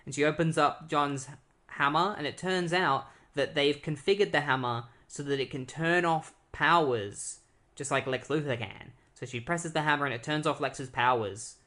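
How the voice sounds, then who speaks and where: A man co-hosting a podcast, casually retelling a comic storyline with lots of fillers and quick quoted character voices. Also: a little high, sharp tone. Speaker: podcast co-host. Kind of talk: casual comic book recap.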